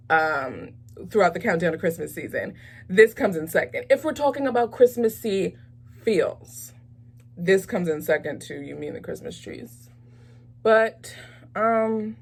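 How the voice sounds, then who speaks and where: A woman in the middle of an ordinary pitch range hosts a casual movie review vlog from home. She talks in a loose, enthusiastic, animated way, with plenty of fillers and restarts. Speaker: host of a movie review channel.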